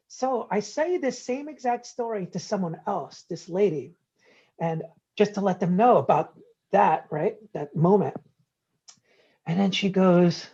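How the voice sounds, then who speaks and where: Husky-voiced man telling stories animatedly. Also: sits high, a little slow, muffled recording. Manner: animated, acts out quoted dialogue. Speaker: guest entrepreneur. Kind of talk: interview storytelling.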